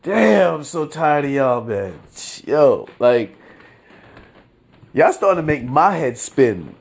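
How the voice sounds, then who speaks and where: A man hosts his own casual solo podcast in a loose, slangy, slow drawl, his husky voice full of vocal fry and big pitch swings. Exasperated with his listeners, he now and then bursts into sudden high-pitched mocking outbursts.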